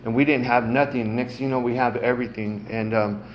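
A man's voice: mid-range voice, fairly even intonation, brisk, highs cut off, slight background noise. Man, middle-aged, recovery testimony, casual, filler-heavy, cusses, faint room ambience. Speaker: recovery meeting speaker. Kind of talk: personal testimony.

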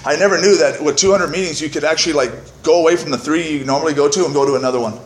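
A man's voice: a little high, very fast, echoey room. A man telling his own story to a recovery meeting from the podium, candid and self-mocking, swearing freely and often tagging "right?" onto his points. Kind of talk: personal testimony to a meeting. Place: meeting room. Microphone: podium microphone.

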